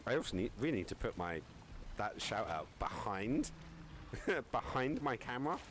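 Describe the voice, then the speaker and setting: A man's voice: mid-range voice, very animated, moderate pace, noisy background. A young man streaming live, chatting casually with viewers, reading chat aloud and joking around. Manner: rambling, joking, reads chat aloud and laughs often.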